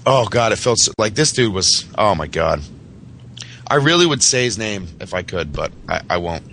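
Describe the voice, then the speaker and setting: A man's voice: lowish voice, very animated, moderate pace, creaky, a bit bright, slight background noise. A man from Massachusetts, a podcast host, telling a boastful, profane story in casual chat.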